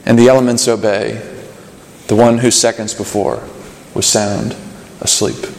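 A man's voice: lowish voice, fairly even intonation, slow pace. A man preaching a sermon, earnest and building to urgent questions, with fillers and restarts. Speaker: pastor. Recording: echoey hall reverb.

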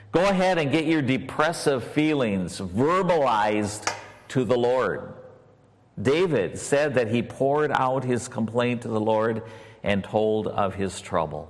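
A man preaching a sermon in a slow, deliberate way, reading scripture and asking the listeners questions. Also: medium pitch, expressive. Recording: hall reverb.

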